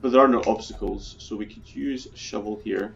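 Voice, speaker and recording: Low-voiced man doing casual gameplay commentary. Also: brisk, vocal fry, dull audio, slight background noise. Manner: chatty, swears freely, talks through his plans. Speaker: video game let's player.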